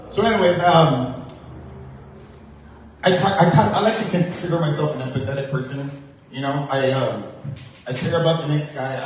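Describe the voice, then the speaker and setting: A man performs a stand-up set, spinning a long story and switching voices to play the people in it. His voice sits a little high for a man. The sound is distant and heavily echoey, as if picked up from far across a club. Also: slight background noise. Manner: storytelling, acts out jail conversations with shifting voices. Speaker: stand-up comedian.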